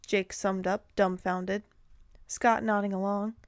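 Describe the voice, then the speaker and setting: A woman reading a fan fiction story aloud in a gentle, even storytelling voice. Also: mid-range voice, normal speed.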